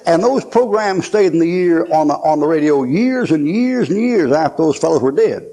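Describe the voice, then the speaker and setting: Gravelly folksy preacher. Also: male voice, a little high, expressive, moderate pace, dark tone. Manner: folksy storytelling preaching, acts out quoted voices. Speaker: pastor. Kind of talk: sermon.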